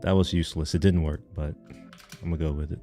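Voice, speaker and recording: A young man with a deep, low voice talks loosely into a desk mic, rambling, joking and swearing off-handedly. Faint music plays behind him as he chats on a live stream. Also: fairly even intonation, fast talker, dark tone. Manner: rambling, jokey, swears casually. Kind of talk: casual live stream chat.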